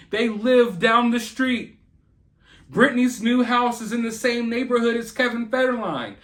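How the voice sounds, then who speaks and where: A man with a notably high voice rants through celebrity gossip commentary. He sounds indignant and sarcastic, piling on jabs as he goes. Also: fairly bright tone. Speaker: channel host.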